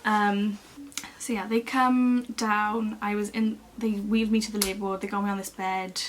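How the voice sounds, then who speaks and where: A young woman, chatting casually to camera as she tells a long personal story in an expressive, lively way. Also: mid-range voice, moderate pace, a little hiss or hum. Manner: chatty and expressive, acting out other people's lines. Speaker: beauty vlogger.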